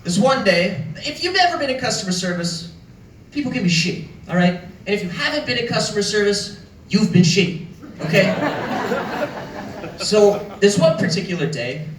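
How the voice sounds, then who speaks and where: A young man doing stand-up comedy on a club stage, telling stories in an animated, profane way. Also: high-pitched, moderate pace, a little hiss or hum. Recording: echoey club, far from mic, loud crowd.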